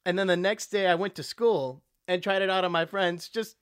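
A man who is a voice actor, a guest in a casual interview, telling animated stories and slipping into character voices. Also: high-pitched, normal speed, clear, resonant tone, dry recording, studio quality.

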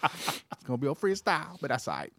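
A man's voice: on the high side, wildly swooping pitch, fast talker, creaky, pushed and bright, no room sound, clean studio sound. A man co-hosting a podcast, chatting casually and joking, with a rambling style full of fillers and restarts. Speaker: podcast co-host.

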